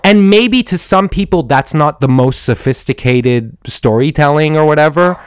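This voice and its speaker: A man's voice: a little high, moderate pace, few pauses, clear, resonant tone, no room sound, clean studio sound. A man from Iran hosting a solo film podcast from home, rambling through his thoughts with many restarts, fillers and casual swearing. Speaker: podcast host and film reviewer. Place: at home with a dog. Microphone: studio microphone.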